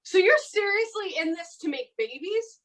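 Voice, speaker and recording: A woman's voice: very high voice, animated, moderate pace, rough recording. A woman hosting a live comedy dating game show, playful and teasing, with frequent laughter. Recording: live club with loud crowd noise.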